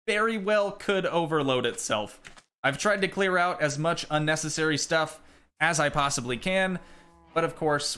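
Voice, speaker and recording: A man's voice: medium pitch, pushed and bright. A man casually commenting on his game during a live stream, rambling and answering chat questions.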